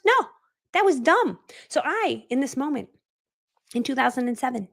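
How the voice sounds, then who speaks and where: A woman's voice: high-pitched, big pitch swings, normal speed, gravelly, a bit bright. A middle-aged woman coaching on a live stream, telling her story animatedly and acting out the voices of the people in it. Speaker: online business coach.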